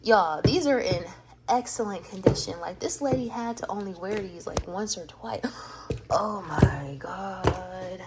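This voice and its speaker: A woman, chatting excitedly and gushing in a casual vlog, swearing freely. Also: mid-range voice, a little slow, very noisy. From Atlanta, US South. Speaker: vlogger.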